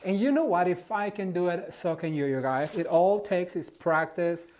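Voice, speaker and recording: A man's voice: high-pitched, normal speed, darkish tone. Effusive male decor host, chatty and encouraging, demonstrating at home. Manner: effusive, encouraging, gushes over the materials. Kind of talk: casual how-to demonstration. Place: at home beside a Christmas tree.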